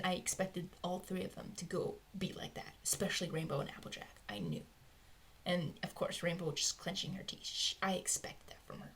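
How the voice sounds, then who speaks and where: A woman's voice: on the low side, slight background noise. A woman talking to herself as she works through a fan theory, rambling and often dropping into a whisper. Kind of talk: thinking aloud to herself. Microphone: close mic, recorded alone.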